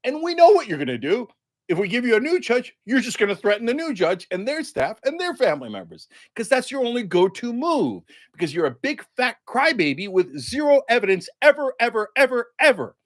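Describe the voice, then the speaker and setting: A man's voice: very high voice, big pitch swings, a little fast, voice pushed up. A man voicing a dismissive female judge who taunts emphatically. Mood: taunting.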